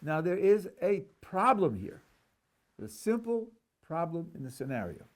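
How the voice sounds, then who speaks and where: A man's voice: on the high side, big pitch swings, a little slow. A rabbi teaching a class, reading a text aloud and analyzing it, stressing words and putting questions to his listeners. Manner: emphatic, acts out the dialogue he reads.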